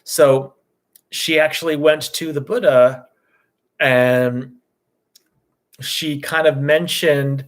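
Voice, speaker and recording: A man's voice: on the high side, takes it slowly, long pauses. Male meditation teacher, easygoing storyteller, loose conversational dharma talk. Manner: relaxed, loose, with many "you know" and "right?" tags.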